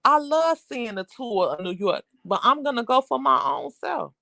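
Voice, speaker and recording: A woman's voice: high voice, lively intonation, normal speed, creaky, sharp tone, no room sound, studio quality. A woman hosting a casual livestream, chatting with viewers in a rambling, talkative way. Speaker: livestream host.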